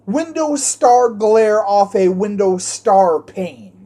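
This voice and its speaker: A man's voice: sits high, expressive, slow pace, dark tone. A man ranting in a rambling, profane monologue, repeating his phrases and restarting them often. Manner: repetitive, restarts phrases, swears heavily.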